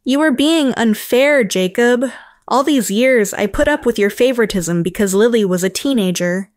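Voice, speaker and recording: A woman voicing a yelling, defensive stepmother in a narrated story. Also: a little high, lively intonation, normal speed, no room sound, clean studio sound, lightly acted. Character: shrill angry middle-aged stepmother.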